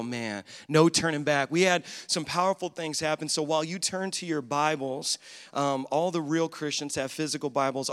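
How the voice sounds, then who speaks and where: A man preaching a sermon as pastor, energetic and joking with the congregation. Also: fairly high pitch. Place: large church hall with congregation. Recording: live church sound with long reverb.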